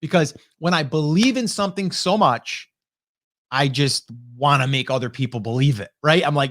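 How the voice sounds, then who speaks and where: A man's voice: a little high, no echo, studio quality. Fired-up man hosting a live stream. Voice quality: energetic, fired-up, rapid talker. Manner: rhetorical "right?" and "okay?" tags. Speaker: livestream host. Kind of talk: casual live stream coaching. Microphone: broadcast dynamic studio mic.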